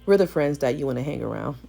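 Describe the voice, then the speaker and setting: A woman hair stylist with a gravelly morning voice, chatting playfully to viewers in a salon vlog. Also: a bass voice, mellow. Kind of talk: casual voice-over vlog chat. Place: salon suite.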